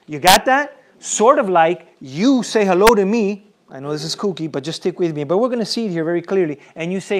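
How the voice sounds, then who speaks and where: A man's voice: sits high, expressive, brisk, hardly any pauses. A man preaching a sermon as pastor, repeating phrases and calling for responses from the congregation. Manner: repetitive, emphatic.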